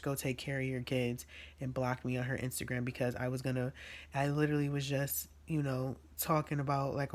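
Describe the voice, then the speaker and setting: A man venting in a diary-style vlog, rambling with slang and fillers, his nose running from allergies. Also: medium pitch. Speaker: vlogger. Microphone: recording on a phone.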